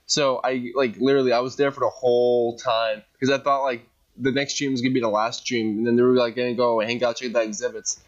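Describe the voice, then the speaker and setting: A man co-hosting a podcast in casual chat, excitable and rambling, with lots of "like". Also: mid-range voice, fast, lo-fi sound. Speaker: podcast co-host.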